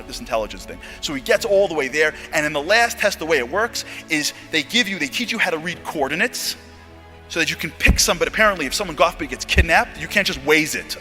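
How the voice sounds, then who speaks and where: An American man spins a story with a bright, forceful voice pitched a touch high. He acts out each character's lines, dropping to hushed tones and then bursting out loud. A faint bed of music plays under him. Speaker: motivational speaker. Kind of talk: animated storytelling talk.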